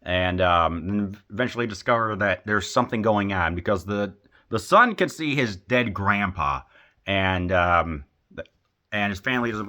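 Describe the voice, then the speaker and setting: A man's voice: lowish voice, animated, a little slow, pushed and bright. Befuddled man rambling through a film review. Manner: rambling, hesitant, many fillers and restarts; befuddled, exasperated. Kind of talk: casual film review vlog.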